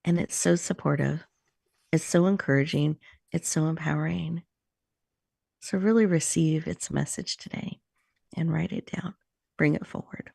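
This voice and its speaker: A woman hosting a talk show who leads a slow, soothing guided meditation with encouraging words. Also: low-pitched, steady tone, creaky, dark tone, no room sound, studio quality.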